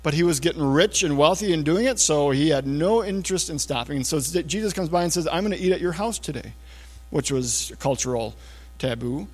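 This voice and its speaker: Male pastor, slightly high voice; casual, chatty sermon delivery that sinks to a near-hush on key points; recorded with long church reverb. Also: fairly quick. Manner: casual, talks to listeners with frequent checks like "okay?" and "all right?"; often drops to a low, hushed voice for emphasis. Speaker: preacher. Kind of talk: conversational sermon. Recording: long reverb of a large hall.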